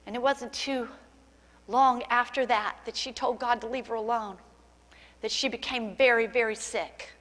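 Lady pastor preaching hard in church, kinda high voice, big echoey hall. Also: fairly even intonation, normal speed, fairly bright tone. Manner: impassioned preaching, voice rising to cries in acted quotes. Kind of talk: sermon. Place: church sanctuary.

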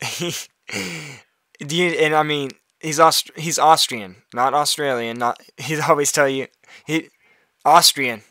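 A man's voice: a little high, unhurried, pushed and bright, no room sound, studio quality. A man casually commentating a multiplayer game, rambling and laughing often. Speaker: gaming video host.

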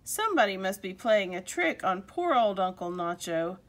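A woman's voice: mid-range voice, big pitch swings, moderate pace, close to an everyday voice. A woman voicing a caring, eager young woman in a storybook read-aloud.

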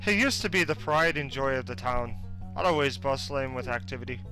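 A man's voice: mid-range voice, moderate pace, over music, natural voice. A man voicing a nostalgic old male town mayor for a video game, putting on a mock Irish accent and an old-timer drawl. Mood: wistful.

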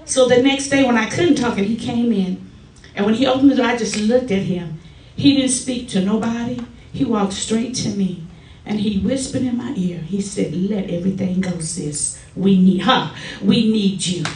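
A middle-aged woman giving a personal testimony at a church service, telling stories in a lively way and acting out the quotes. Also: fairly high pitch, normal speed. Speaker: church member giving a tribute. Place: church sanctuary. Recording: echoey church from far off.

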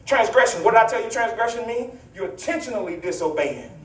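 High, lively preacher echoing through a church. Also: male voice, fast talker. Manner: animated, playful, hollering and teasing the congregation. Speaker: pastor. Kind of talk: teaching sermon with congregation call-and-response. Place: church sanctuary. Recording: echoey church, voice from far off mic.

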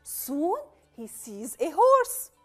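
Woman, children's teacher, storybook reading, coaxing, very high, animated. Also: drawn-out words, soft background music. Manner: warm, coaxing, asks the children questions.

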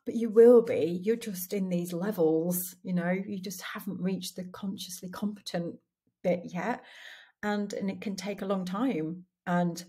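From her dining room, a podcast host delivers a candid, reflective monologue on her own, frequently starting sentences over and laughing at herself. Her medium-pitched voice is steady, darkish and slightly rough, with a measured pace.

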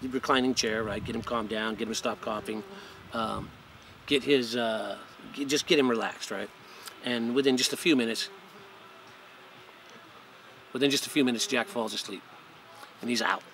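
Gravelly laid-back man telling a story. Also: fairly low pitch, a bit bright, slight background noise, rough recording. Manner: laid-back, profane, says "man" constantly. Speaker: cannabis breeder and channel host. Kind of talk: casual storytelling.

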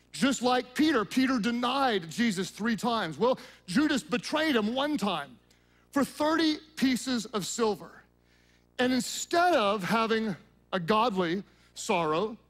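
A man preaching a sermon as pastor, swinging between loud emphatic lines and hushed, quiet passages. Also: extremely high pitch. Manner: acts out quoted prayers and dialogue in his own voice.

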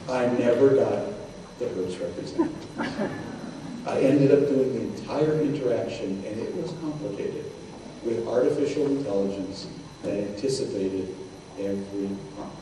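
A man's voice: mid-range voice, moderate pace. A man in his sixties giving a lecture as a guest speaker, telling anecdotes in a conversational way and quoting people in dialogue. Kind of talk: storytelling lecture. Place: synagogue hall. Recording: echoey hall, distant mic, noisy.

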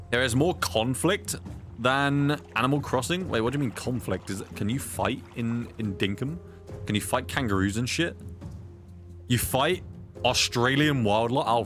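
A young British man with a mid-range, slightly bright voice plays a survival game on stream. In casual gameplay chat he reads chat aloud, blurts out reactions and frequently curses at what he sees on screen.

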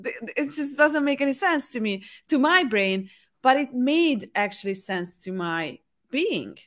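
A woman's voice: sits high, measured pace. A woman from Hungary, an English speaker, hosting a casual conversation and telling stories with animation. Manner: animated, lively storytelling. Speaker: host.

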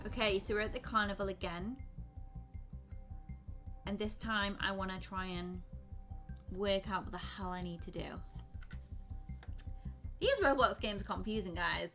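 A young woman giving flustered, excitable commentary while playing a game, often breaking into screams. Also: mid-range voice, a little slow, pauses often, over loud music. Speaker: gaming YouTuber. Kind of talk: let's play commentary.

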